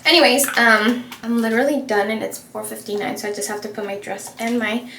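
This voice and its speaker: A young woman vlogging while she does her makeup, telling a story in a chatty, animated way full of fillers. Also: fairly high pitch, brisk. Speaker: beauty vlogger. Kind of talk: casual get-ready-with-me storytelling. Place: home room while doing makeup. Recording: echoey room with faint ambient noise.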